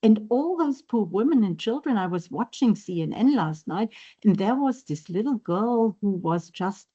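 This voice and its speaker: A woman's voice: medium pitch, lively intonation, normal speed, warm tone, husky, dull audio. Woman reading as a gushing American lady. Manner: reads aloud plainly, barely acted.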